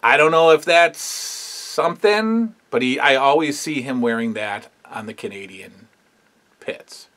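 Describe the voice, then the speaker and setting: A man's voice: mid-range voice, animated, measured pace, fairly bright tone. A man hosting a casual review show, talking in a rambling, opinionated way with lots of fillers. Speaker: wrestling history show host.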